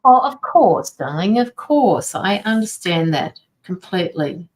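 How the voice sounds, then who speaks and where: A woman's voice: fairly low pitch, very animated, unhurried, hardly any pauses, a little mellow, low-quality recording. A woman tarot reader and medium, chatting casually on a livestream from her home studio, sympathetic and greeting viewers by name.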